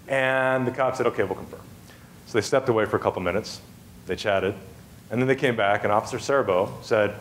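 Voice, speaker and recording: A man's voice: on the low side, fairly quick, a little hiss or hum. A man giving a humorous storytelling talk on a festival stage, chatty and self-amused, with many asides and restarts. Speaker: festival speaker.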